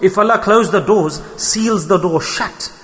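A man's voice: high-pitched, unhurried, a bit bright. A man preaching a sermon, telling stories earnestly and pressing his listeners with rhetorical questions. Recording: long hall reverb.

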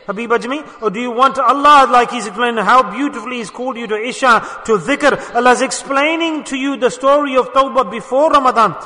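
A man's voice: high voice, pushed and bright. A man preaching a sermon at a mosque gathering, impassioned and urging his listeners with rhetorical questions. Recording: reverberant hall.

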